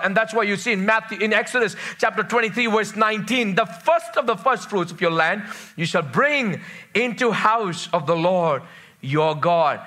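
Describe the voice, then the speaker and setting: A man's voice: high-pitched, lively intonation, moderate pace, pushed and bright. A man preaching a sermon to his church, stressing phrases by repeating them and asking the congregation to respond. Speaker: pastor.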